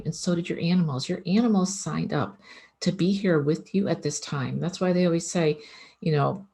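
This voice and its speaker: A woman animal communicator talking casually to the camera in an earnest, gentle way, with frequent ums. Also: low voice.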